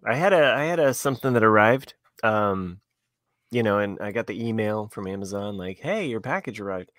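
A man's voice: on the low side, expressive, fairly quick, a bit bright, dry recording. A man co-hosting a podcast in casual chat, wry and laughing through his complaints. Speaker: podcast co-host.

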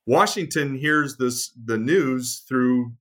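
Male author guest, mid-pitched, storytelling interview delivery with many "uh"s and self-corrections. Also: slow, fairly bright tone. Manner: many fillers and restarts, storytelling with acted quotes. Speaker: author and military historian guest. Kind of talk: conversational interview.

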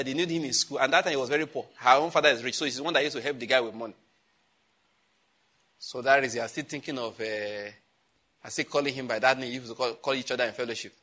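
A Nigerian man preaching with a bright, forceful tone and a slightly raised pitch. His voice has a husky edge. He laughs through his stories and prompts his listeners to answer back. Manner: animated preaching, laughing at his own jokes, calls for congregation responses. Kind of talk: sermon.

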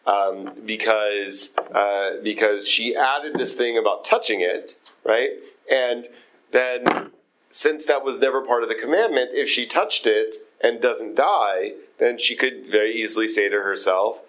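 A man leading a text study group, explaining in a halting way with many fillers and restarts. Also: on the low side, fairly even intonation, a bit bright, low-quality recording. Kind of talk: casual text study discussion.

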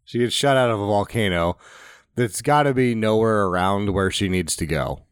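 A man's voice: fairly low pitch, normal speed, smooth, no room sound. A man co-hosting a podcast, giving dry, sardonic takes on a movie in casual chat. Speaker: podcast co-host.

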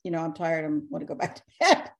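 An older woman, a podcast guest, telling spirit stories in a calm, matter-of-fact way and acting out the dialogue. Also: deep voice, fast, vocal fry. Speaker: guest, ghost-clearing spirit worker. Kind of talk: anecdotal storytelling in a podcast interview.

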